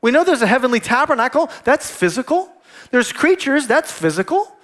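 Male pastor, sermon delivery, high and very animated, acts out the voices in his scripture stories. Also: a little fast. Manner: animated preaching, acts out quoted dialogue.

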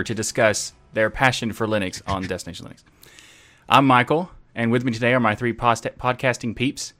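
A man hosting a casual podcast, upbeat and quick to laugh. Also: medium pitch, a bit bright, faint music behind. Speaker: podcast host.

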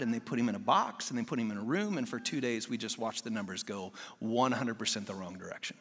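A man in his forties preaches a sermon with a bright, forceful edge to his voice. He talks candidly, like he's telling friends a story. The sound rings out with the long reverb of a large church hall. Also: fairly low pitch, fast, hardly any pauses, breathy edge. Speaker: guest preacher.

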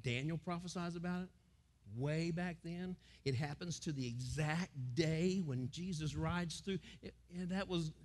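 A middle-aged American man gives a sermon as pastor, performing crowd voices and quotes in sudden, loud bursts. He sounds on the high side and takes an unhurried pace.

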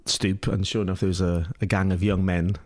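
A man's voice: deep voice, level tone, brisk. A middle-aged Scottish man, an interview guest, telling a story casually with many restarts, fillers and laughs. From Scotland.

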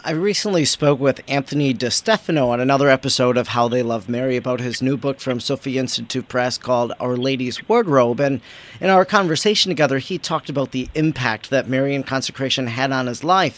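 A man, a priest hosting a faith interview show, who asks long, measured questions that build up to each point. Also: mid-range voice. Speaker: priest and podcast host.

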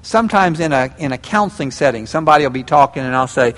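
A man's voice: fairly high pitch, animated, fast, fairly bright tone, in a large hall. An older man preaching a sermon as a pastor, telling stories and acting out prayers and quotes with animation.

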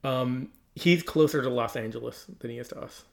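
Gravelly guy cohosting a podcast, chatty, laughs a lot. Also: medium pitch, normal speed. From Newfoundland, Canada. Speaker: podcast co-host. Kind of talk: casual chat.

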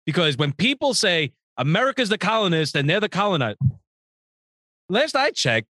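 A man co-hosting a podcast, blunt and animated in casual chat. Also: high voice, moderate pace, no room sound, clean studio sound. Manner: loud, blunt and animated, laughs often. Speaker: podcast co-host.

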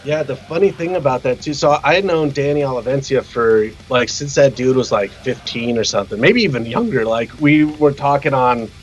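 A man telling a rowdy tour story as a guest, swearing freely and acting out the quotes in other voices, sometimes shouting. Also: mid-range voice, normal speed, hardly any pauses, muffled recording, slight background noise. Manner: animated, profane, acts out quotes with shouts. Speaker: guest musician. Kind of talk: casual storytelling.

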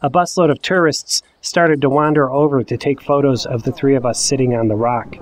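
A man in his forties telling a personal story in the first person, with wry, self-mocking, deadpan asides. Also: medium pitch, fairly quick, slight background noise. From Ohio. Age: 40s. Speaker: narrator.

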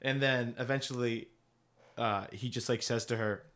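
A man co-hosting a casual podcast, his voice sitting at an ordinary middle pitch. He tells the story loosely, with many restarts and frequent laughs. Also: fairly even intonation, normal speed, a bit bright. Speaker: podcast co-host. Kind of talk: casual chat.

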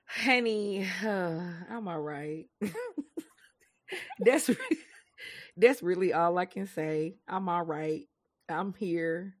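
A woman co-hosting a podcast in casual chat, animated and dramatic, often laughing. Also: on the low side, drawn-out words, long pauses, no room sound, clean studio sound. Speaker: podcast co-host.

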